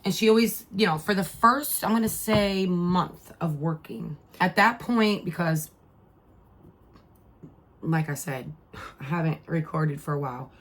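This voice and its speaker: A woman's voice: fairly low pitch, a little slow, fairly bright tone. A middle-aged woman telling a family story in a casual vlog, rambling and heartfelt, with many fillers and restarts. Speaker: mother and vlogger.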